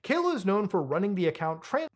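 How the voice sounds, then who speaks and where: Rapid, lively documentary narrator. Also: mid-range voice.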